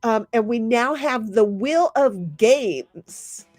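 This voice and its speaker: A woman's voice: fairly high pitch, lively intonation, slow pace, a little mellow, dry recording. A woman hosting a casual game stream, chatting and reading viewers' messages aloud, laughing often. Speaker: stream host.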